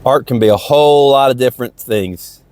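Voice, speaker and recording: A podcast host, male, rambles outdoors near a lake in a casual, motivational stream-of-consciousness monologue, often repeating himself. His medium-pitched voice has a darkish tone, moves at a moderate pace, and is recorded dry.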